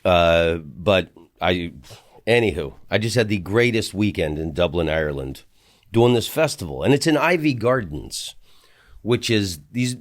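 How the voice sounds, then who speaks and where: A middle-aged man from the United States hosting a podcast, telling rambling stories with asides and restarts from a hotel room. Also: fairly low pitch. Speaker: podcast host. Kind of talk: casual storytelling monologue.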